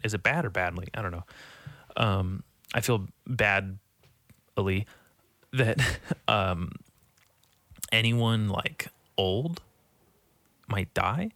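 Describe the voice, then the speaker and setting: A young man talking casually to the camera in a rambling, profane, self-mocking way, jumping from topic to topic and now and then mocking panicked voices in a high squeak. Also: bright, forceful tone, no echo. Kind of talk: casual vlog monologue.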